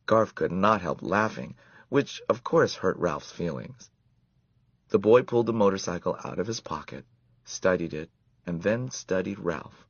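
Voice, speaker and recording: A man reading a children's story aloud in an expressive, measured way. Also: deep voice, creaky, slightly rough, no room sound, highs cut off.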